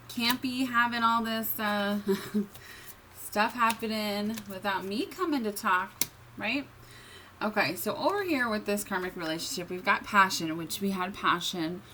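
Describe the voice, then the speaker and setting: A woman's voice: medium pitch, a bit bright, slight background noise, rough recording. A woman giving a casual tarot reading in a chatty, filler-heavy way, often checking in with the listener. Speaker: tarot reader.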